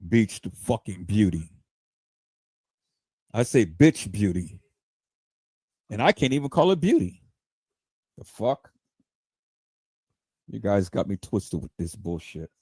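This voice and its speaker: Man hosting a livestream in a heated, cursing rant. His pitch swings widely and the sound is dry and close, with no room around it. He stumbles into repeated words when worked up. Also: sing-song, slow, long pauses, dark tone, slightly rough, no echo. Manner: profane, heated, stammering repeats. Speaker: livestream host.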